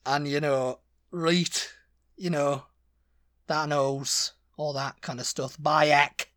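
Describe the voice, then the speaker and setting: A man's voice: a little high, little pitch movement, slow pace, a bit bright. A man with a British accent, chatting casually as a podcast co-host, rambling and often correcting himself. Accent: British English. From Britain. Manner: rambling, hesitant, self-correcting. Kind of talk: casual chat.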